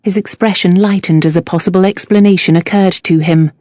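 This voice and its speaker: A woman reads a novel aloud in a measured, even narration. Her voice sits on the low side. The recording is close and completely dry. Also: no echo. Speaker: audiobook narrator. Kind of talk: scripted narration.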